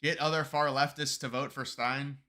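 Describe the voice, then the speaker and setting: A man's voice: medium pitch, steady tone, moderate pace, bright, forceful tone. A man live streaming political commentary while answering viewer chat, argumentative and emphatic, often restarting and repeating words. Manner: argumentative, gets heated and emphatic.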